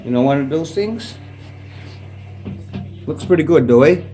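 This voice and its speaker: A man's voice: on the high side, lively intonation, unhurried, warm tone, faint music behind. Rambling laid-back Canadian man. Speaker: vlogger. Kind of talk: casual unscripted chat to camera. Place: indoors at home. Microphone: phone propped up facing him.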